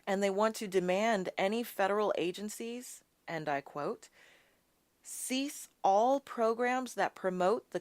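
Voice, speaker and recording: A woman hosting a live political talk show, ranting with passion, calling her viewers y'all and sassily mocking the people she quotes. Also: medium pitch. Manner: impassioned, ranting, addresses audience as y'all; quotes and mocks opponents in a sassy tone. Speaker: host.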